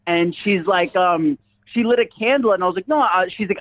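A man's voice: high voice, brisk, a bit bright. A man telling a rambling comedic story in casual chat, laughing often as he talks. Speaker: guest. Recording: dull lo-fi sound.

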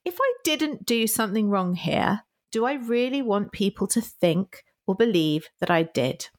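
A woman co-hosting a relaxed podcast chat with a mid-range voice. She laughs easily and slips into little acted-out apologies as she talks. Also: mid-range voice, moderate pace. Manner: laughs often, acts out apologetic quotes. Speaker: podcast co-host. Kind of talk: casual chat.

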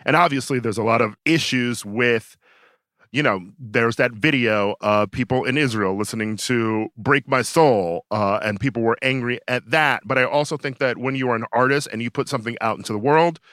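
Bright-voiced man in casual podcast chat. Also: mid-range voice, normal speed, dry recording, clean studio sound. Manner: opinionated, talks in long runs with many fillers. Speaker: podcast co-host.

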